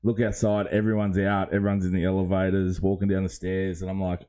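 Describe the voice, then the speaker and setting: An Australian man co-hosting a casual podcast, telling a rambling story with lively quoted voices and chuckles. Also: deep voice, fairly quick. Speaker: podcast co-host. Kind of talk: casual chat.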